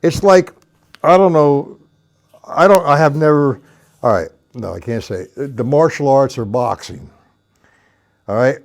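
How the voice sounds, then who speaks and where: Pausing often, a middle-aged man speaks at a measured pace in a mid-range, slightly mellow voice as he teaches drums on a live stream. He counts beats and explains technique bluntly and ramblingly, with drumming between his remarks.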